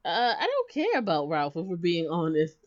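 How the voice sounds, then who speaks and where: A woman's voice: lowish voice, wildly swooping pitch, moderate pace. A woman co-hosting a casual show recap, blunt and firm in her opinions. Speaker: podcast co-host. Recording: slightly dull, lo-fi mic.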